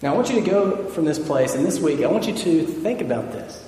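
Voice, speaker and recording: Earnest pastor preaching in an echoey hall. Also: male voice, a little high, expressive, a little fast, mellow, slight background noise. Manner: earnest, building repetition. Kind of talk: sermon. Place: church sanctuary.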